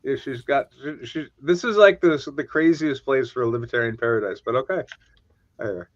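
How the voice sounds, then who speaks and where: A man's voice: medium pitch, brisk, dry recording, highs cut off. A man in casual chat about scripts, rambling and interrupting himself.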